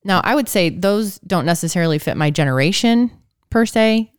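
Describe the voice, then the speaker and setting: A woman in her thirties co-hosting a podcast, talking in a measured, thoughtful way with light teasing. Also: on the low side, animated, clear, resonant tone, dry recording, clean studio sound. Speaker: podcast co-host. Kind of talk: casual podcast chat.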